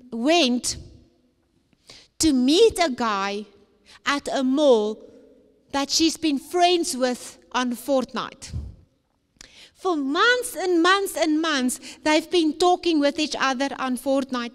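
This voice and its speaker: A woman giving an emphatic, preacher-like talk to young people at a conference. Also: sits high. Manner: emphatic, repetitive preacher-like phrasing. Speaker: conference speaker. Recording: long hall reverb.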